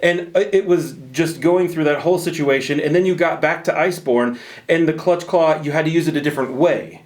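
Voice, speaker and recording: Jokey rambling male host, higher voice. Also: fairly quick. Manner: jokey, rambling, self-deprecating banter. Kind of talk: casual chat about a video game.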